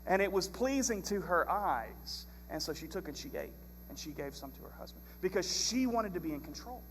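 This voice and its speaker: A man preaching a sermon as pastor, telling stories in a lively, animated way. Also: high voice, normal speed, in a large hall, slight background noise. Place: church sanctuary.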